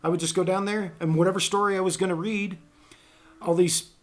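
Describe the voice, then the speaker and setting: A man's voice: sits high, fairly even intonation, fairly quick, fairly bright tone. A middle-aged man talking casually on a podcast, rambling with many ums and restarts.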